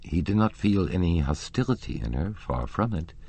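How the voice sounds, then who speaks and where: A man narrating a classic novel as an audiobook, in a measured, expressive storytelling manner. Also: sits low, creaky, breathy edge.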